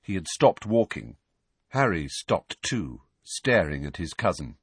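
Audiobook narrator: a man with a low, husky voice and lively delivery. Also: unhurried, dry recording. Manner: expressive storytelling. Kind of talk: scripted narration.

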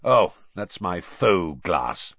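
A man doing a gruff, growling old wizard. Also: sits low, big pitch swings, drawn-out words, no room sound, pitched below the performer's own voice, heavily acted. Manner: growling, clipped and suspicious. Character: gruff battle-scarred old male wizard. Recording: muffled lo-fi recording.

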